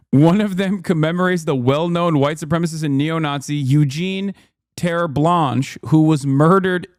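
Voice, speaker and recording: A man in his thirties ranting and reading aloud in a live-stream commentary, fast and sarcastic. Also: fairly high pitch, a little mellow, no room sound, clean studio sound. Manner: fast, heated, sarcastic rants. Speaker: streamer reacting to news clips.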